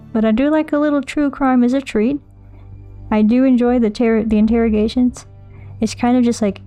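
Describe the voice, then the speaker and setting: A woman streamer chatting casually while she plays a game, rambling, thinking out loud and answering her chat. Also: a little high.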